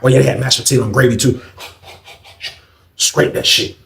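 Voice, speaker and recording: A man telling a profane personal story in an animated way, acting out the scenes. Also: mid-range voice, normal speed, creaky. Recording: roomy echo.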